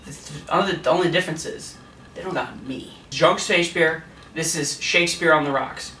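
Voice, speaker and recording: A man's voice: on the high side, moderate pace, pushed and bright, reverberant, far from the mic, slight background noise. A tipsy man rambling through a crude, laughing comic retelling of a play. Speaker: host.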